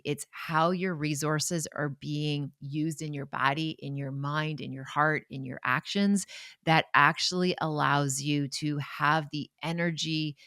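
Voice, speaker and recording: A woman's voice: deep voice, fairly bright tone, dry recording, studio quality. A woman in her forties hosting her own podcast, talking in a chatty, digressive, heartfelt way with a few laughs. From Canada. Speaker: podcast host and author. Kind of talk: casual solo podcast talk.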